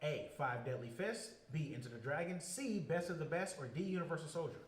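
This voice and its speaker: A man hosting a casual podcast trivia game, reading the questions out slowly and turning loud and playful between them. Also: a little high, slight background noise. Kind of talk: casual group podcast chat. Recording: echoey room.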